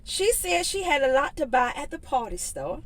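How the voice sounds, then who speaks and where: A woman's voice: sits high, very animated, normal speed, voice pushed up. A woman doing a silly, chirpy storybook housekeeper. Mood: playful. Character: silly literal-minded woman helper.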